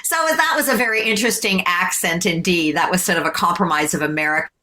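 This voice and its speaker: A woman from Canada, a voice actress, chatting in an interview and telling stories with big, animated pitch jumps. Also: fast. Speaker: guest, voice actress. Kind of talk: casual interview chat.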